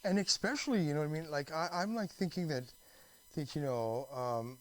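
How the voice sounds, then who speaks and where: Rambling, cursing man with a higher voice. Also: animated, a little fast, dry recording, low-quality recording. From Canada. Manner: meandering, swearing, many restarts and fillers. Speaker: vlogger. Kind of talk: rambling monologue.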